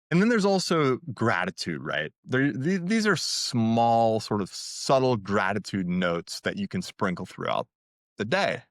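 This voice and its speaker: A man's voice: mid-range voice, sing-song, a little slow, a bit bright, no echo, studio quality. A man hosting a dating-advice podcast, talking in a casual coaching tone, asking "right?" again and again and hyping up his listeners. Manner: hypes listeners, asks "right?" constantly; acts out sample lines in a livelier voice.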